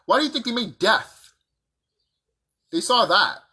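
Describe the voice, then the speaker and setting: A man delivering a profane, combative monologue full of rhetorical questions, with a husky voice. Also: high-pitched, sing-song, a little slow, sharp tone. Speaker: vlogger. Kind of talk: ranting monologue to camera.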